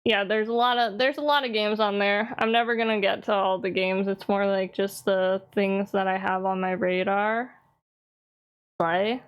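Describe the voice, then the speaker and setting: A woman streams live and talks in a relaxed, chatty way. She teases the people in her chat and answers them, laughing often as she goes. Her voice sits at an ordinary middle pitch. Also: moderate pace, clean tone.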